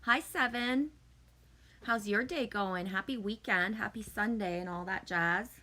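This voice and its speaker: A woman's voice: mid-range voice, a little slow, bright, forceful tone. A woman chatting casually with viewers on her live stream, swearing often and sometimes calling herself "me".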